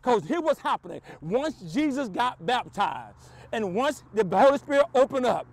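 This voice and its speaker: A man's voice: very high-pitched, very animated, normal speed. A male pastor preaching a sermon with rhythmic repetition and call-outs to his listeners. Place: church streamed online.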